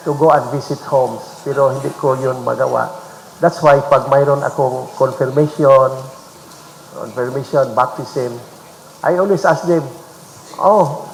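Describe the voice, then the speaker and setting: A man's voice: on the high side, creaky, slight background noise. A man with a Filipino accent, a bishop giving a retreat talk, who mixes English with Filipino phrases and teases the audience with frequent checks of "okay?". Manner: mixes English with Tagalog and Visayan, teasing the audience with repeated "okay?". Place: large retreat hall. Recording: echoey hall recording, faint ambience.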